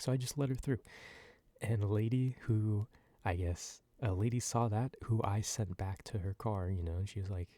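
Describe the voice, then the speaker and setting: A man on a close microphone in a soft-spoken ASMR ramble, ranting loosely with lots of fillers and swearing, sometimes sinking to near whispers. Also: lowish voice, brisk, dry recording. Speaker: ASMR channel host.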